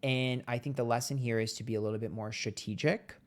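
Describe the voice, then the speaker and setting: A man giving a casual monthly tarot reading, blunt and profane, chatty and playful with sudden jumps in pitch. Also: fairly even intonation, fairly quick. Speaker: tarot reader.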